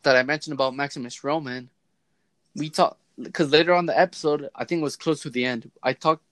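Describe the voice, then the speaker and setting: A man's voice: on the high side, fairly quick, dry recording. An American man hosting a casual podcast, joking around and talking animatedly. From United States. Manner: joking, animated, goofy put-on voices. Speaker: podcast host.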